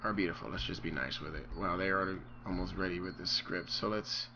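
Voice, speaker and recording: Deep-voiced man talking through his gameplay. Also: quick pace, dull audio, slight background noise. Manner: thinking aloud while playing, with frequent ums. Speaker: let's play host. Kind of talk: casual gameplay commentary. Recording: voice over loud game music.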